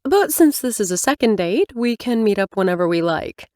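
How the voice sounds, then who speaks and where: A woman narrator voicing a quick-tempered, proud young woman in a brighter, higher tone. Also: lively intonation, no room sound, studio quality, natural voice. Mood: cheerful. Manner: higher, brighter reading with snappy retorts.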